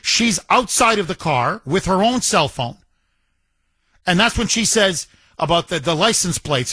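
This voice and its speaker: Emphatic talk radio host, bright voice. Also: male voice, sits high, expressive, unhurried, breathy edge, dry recording. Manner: emphatic, indignant, repeats for stress.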